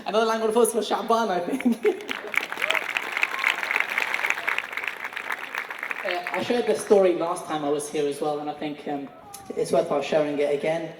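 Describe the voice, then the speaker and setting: A man, a former student, tells a humorous story on stage, full of fillers and restarts. His voice sits a little high and carries the long ringing echo of a large hall, heard from a distance with faint background hiss. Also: fairly even intonation, brisk, a loud crowd. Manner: jokey, hesitant storytelling with fillers. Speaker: former student giving a speech. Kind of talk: anniversary speech with a humorous anecdote. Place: school event hall. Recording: echoey hall, speaker far from mic.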